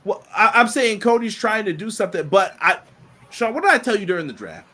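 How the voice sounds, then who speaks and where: Man, podcast co-host, casual chat, animated, laughs a lot, teasing. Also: sits high, brisk, a little hiss or hum.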